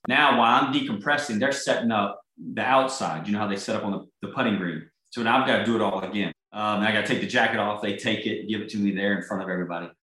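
A man with a lowish voice tells his story loosely, piling up ums and restarts. He sounds like a golf champion recalling a big day. The room around him rings with echo. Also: fast, hardly any pauses, bright, forceful tone. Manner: rambling, full of fillers and restarts. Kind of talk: casual storytelling.

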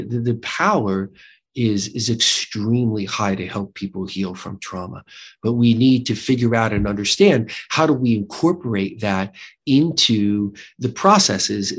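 A man's voice: lowish voice, husky. An American man speaking as a guest in an interview, explaining his book and clinic while often restarting and checking in with "right?". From United States. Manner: animated, thinks aloud with repeated restarts and tag "right?". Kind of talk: conversational interview.

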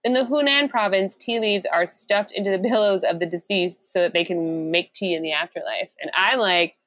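A woman's voice: mid-range voice, normal speed, a bit bright, dry recording, poor audio. A woman co-hosting a podcast, reading out trivia with jokes and giggles in casual chat. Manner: jokey, giggly, reads out trivia. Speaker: podcast co-host.

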